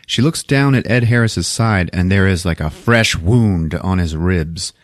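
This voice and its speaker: On a podcast, a man casually recounts a movie's plot, cursing freely, laughing a lot and performing the characters' lines. His voice is low and a little slow, with few pauses, and the studio recording is clean with no echo.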